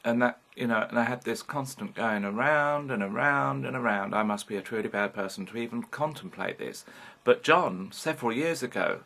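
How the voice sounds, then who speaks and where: A British man in his fifties with a gravelly, bright edge to his voice. He talks frankly and rambles on, speaking straight to the camera in a personal vlog, and swears casually as he goes. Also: mid-range voice, moderate pace, few pauses. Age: 50s. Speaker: vlogger. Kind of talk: candid personal vlog monologue.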